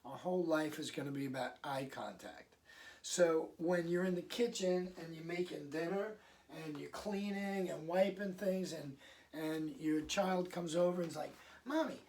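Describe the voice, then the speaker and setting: A man speaking as a parenting coach in a casual, conversational way, now and then acting out parents and kids in quick asides. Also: a little high, vocal fry, recorded from a distance. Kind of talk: casual advice talk to camera.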